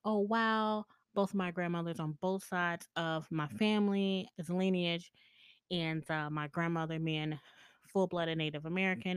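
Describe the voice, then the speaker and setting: A woman's voice: lowish voice, clean tone, dry recording. Chatty woman podcast host, dry sound. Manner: candid and chatty, laughs often, swears freely. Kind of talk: casual storytelling monologue.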